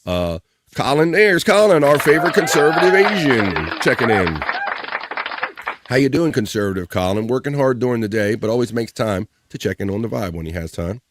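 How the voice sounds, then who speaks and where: A man's voice: lowish voice, brisk, heavy background noise. Jokey man hosting a live stream. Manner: playful, jokey, shouting out viewers by name. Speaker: live-stream show host. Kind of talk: casual live-stream chat, reading viewer comments.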